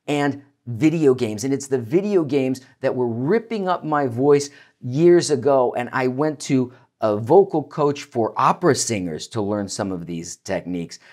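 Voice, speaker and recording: An energetic male voice coach leads a warm-up lesson, his pitch swinging widely as he explains and demonstrates. He talks straight to his listener with an encouraging, hands-on manner. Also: unhurried. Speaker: voice coach and keynote speaker. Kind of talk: instructional talk to camera.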